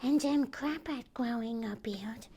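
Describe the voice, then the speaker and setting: A woman voicing a mild, deadpan bearded man friend who asks slow, matter-of-fact questions. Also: fairly high pitch, breathy edge, pitched above the performer's own voice. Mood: wry.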